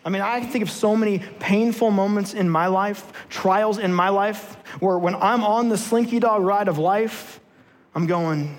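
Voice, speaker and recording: A man's voice: high-pitched, moderate pace, in a large hall. A man preaching a sermon to his church, telling a personal story and then leading repeated rallying declarations. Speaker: pastor. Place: church sanctuary.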